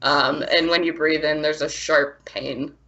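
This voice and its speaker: Bright-voiced game master, lo-fi audio. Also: female voice, low-pitched, unhurried. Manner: laughing, chatty, animated. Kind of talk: narrating a tabletop game. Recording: dull lo-fi podcast audio.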